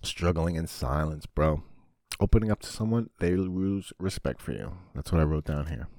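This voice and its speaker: A man hosting a podcast, talking in a casual, crude, comedic monologue that rambles, swears a lot and breaks into sudden loud bursts. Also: a bass voice, moderate pace, dry recording, clean studio sound. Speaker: podcast host.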